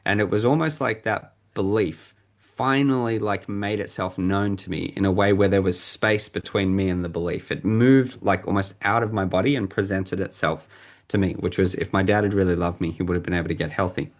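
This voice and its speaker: A man's voice: deep voice, steady tone, fairly quick. A man, a podcast guest, candidly recounting a personal story in a reflective way and often stopping to search for words.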